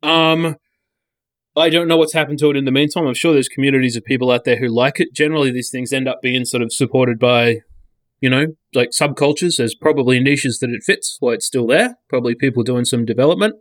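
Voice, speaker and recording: A man's voice: medium pitch, fairly quick, no room sound, studio quality. A man in casual podcast chat, blunt and sweary, often restarting his sentences.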